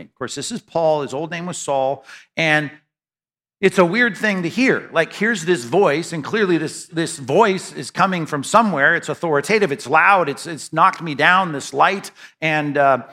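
A man preaching a verse-by-verse sermon with a bright, forceful tone and a slightly high voice. He talks like he's chatting with the congregation, restarting phrases and tossing in asides as he explains the passage. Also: expressive, moderate pace. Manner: conversational, many restarts and asides. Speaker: pastor. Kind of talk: expository sermon.

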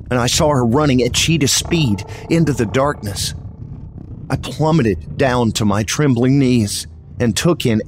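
A man reading a first-person horror story aloud in a slow, measured storytelling manner. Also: mid-range voice, slight background noise. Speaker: audiobook narrator.

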